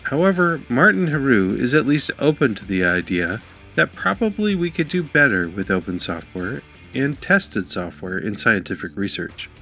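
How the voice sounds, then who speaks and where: A man hosting a podcast about software testing and interviewing a guest in an upbeat way. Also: medium pitch, very animated, normal speed, soft background music. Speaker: podcast host.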